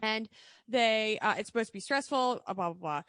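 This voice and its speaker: A woman's voice: a little high, a bit bright, no echo. A woman co-hosting a casual podcast, telling stories in a chatty, rambling way. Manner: chatty, quick storyteller. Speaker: podcast co-host. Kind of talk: casual chat.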